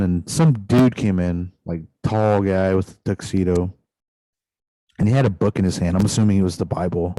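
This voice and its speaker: A man's voice: sits low, fairly even intonation, moderate pace, dark tone, no room sound, poor audio. A man casually retelling a long dream on a podcast, rambling loosely with constant asides. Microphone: podcast microphone.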